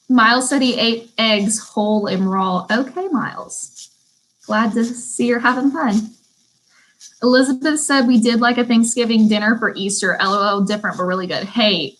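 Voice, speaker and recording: A woman's voice: fairly high pitch, fairly bright tone, rough recording. A young woman, teaching a beauty school class over a live stream in a chatty way and reading out viewers' comments.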